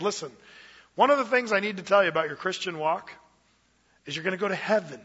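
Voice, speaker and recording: A man preaching a sermon as pastor, lively and conversational, with playful asides. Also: high voice, fast. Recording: dull lo-fi sound, long reverb of a hall.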